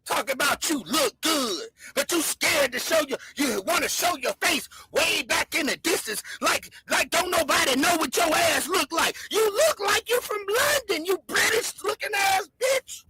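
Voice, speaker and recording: A woman hosting a livestream, loudly hurling mocking insults in a shouting rant. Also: very high-pitched, expressive, moderate pace, few pauses, background noise. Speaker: livestream host.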